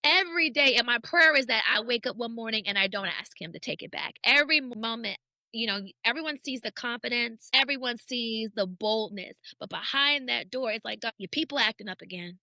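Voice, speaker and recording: High, bright-voiced woman sharing testimony. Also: lively intonation, normal speed, no echo. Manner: earnest, repeats phrases for emphasis. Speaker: podcast guest, church builder. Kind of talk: candid personal testimony in conversation.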